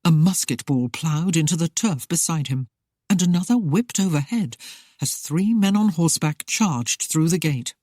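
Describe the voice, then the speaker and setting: An audiobook narrator reading a historical romance in a steady, even way. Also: mid-range voice, normal speed, dry recording, studio quality.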